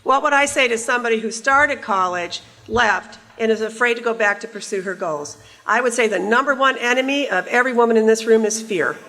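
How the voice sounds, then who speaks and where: A woman in her sixties speaks into a stage microphone in a large conference hall, giving a keynote. Her voice sits a little high, and she tells stories in a wry, conversational way and teases the crowd. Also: a little fast, hardly any pauses, sharp tone. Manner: wry, conversational storyteller, teasing the audience.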